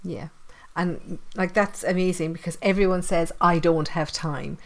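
Irish host from Tipperary, chatty. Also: female voice, lowish voice, fairly even intonation, unhurried. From Ireland. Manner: chatty and friendly, frequent fillers. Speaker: podcast host. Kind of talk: casual interview chat.

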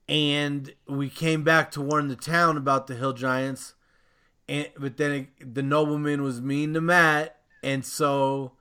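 Male podcast co-host, unhurried, bright clear voice, rambling stories, swears. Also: medium pitch. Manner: rambling storyteller, swears freely. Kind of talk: casual podcast chat.

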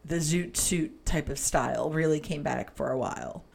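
A woman co-hosting a casual movie review podcast, animated, cutting in often and laughing as she talks. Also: low-pitched, normal speed, gravelly. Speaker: podcast co-host.

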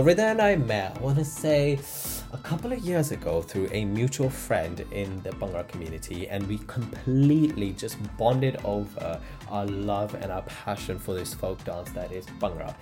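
A man hosting a podcast, reading an upbeat intro and then chatting in a lively, teasing way. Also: lowish voice. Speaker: podcast host. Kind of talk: scripted intro then casual chat.

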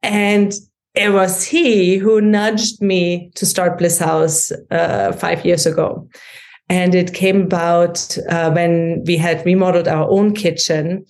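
A woman's voice: on the low side, level tone, takes it slowly, a little mellow. A woman in her forties from Germany with a German accent, chatting as a podcast guest, with frequent ums and easy laughter. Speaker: guest, kitchen organizing business founder. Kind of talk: casual interview chat.

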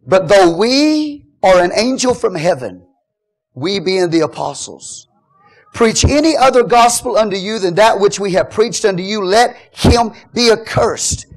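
A male pastor preaching in a church with a strikingly high voice. His delivery is impassioned and often breaks into shouting. He keeps calling questions out to his congregation. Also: lively intonation, a little slow. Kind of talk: sermon.

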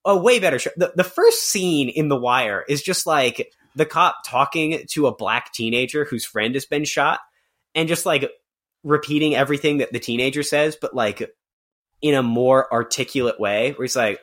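A young man co-hosts a podcast, chatting casually with a sarcastic edge, laughing often and imitating voices. His voice sits in the mid range, moves at a moderate pace and sounds a bit bright.

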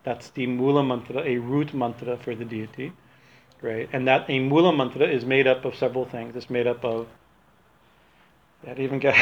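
A religious teacher with a mid-range, fairly bright male voice talks informally, meandering and correcting himself amid frequent laughter. Slight background noise accompanies the dull, lo-fi sound.

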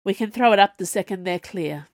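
A woman voicing a measured, curt middle-aged male professor in an audiobook. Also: mid-range voice, no room sound, clean studio sound, close to an everyday voice.

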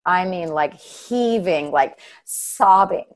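A woman's voice: on the low side, expressive, slow pace. A woman from Southern Utah telling a heartfelt personal story in a casual, earnest way, with lots of fillers and "right?" tags. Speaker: guest.

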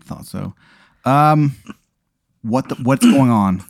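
A man co-hosting a comedy podcast, giving deadpan, profane reactions to an improvised scenario. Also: medium pitch, takes it slowly, dry recording, clean studio sound. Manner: deadpan, cursing, flat replies.

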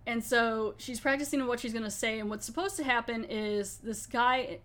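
A woman's voice: on the high side, normal speed, a bit bright. A woman hosting a podcast, talking in a chatty, rambling way and laughing often. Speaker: podcast host. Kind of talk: casual chat.

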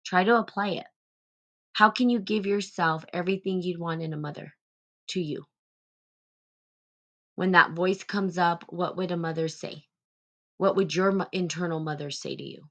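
Low-pitched lady rambling softly about loving yourself, lots of "like"s, live stream vibe. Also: moderate pace, long pauses. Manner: rambling, gentle, many "like" fillers. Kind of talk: casual spiritual self-help talk.

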